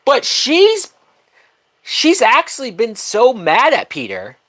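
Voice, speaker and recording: A woman's voice: a little high, huge pitch swings, takes it slowly, a bit bright. A woman hosting a live movie watch-along, talking bluntly with frequent swearing and laughter. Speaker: movie reaction host.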